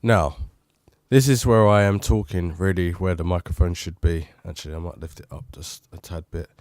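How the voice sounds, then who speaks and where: A man with a fairly low voice chats in a rambling, easygoing way, close to a studio condenser mic at his home desk. The sound is dry and close. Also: fairly even intonation, normal speed, darkish tone, dry recording. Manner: rambling, chatty, self-commenting. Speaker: tech reviewer. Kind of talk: casual microphone test talk.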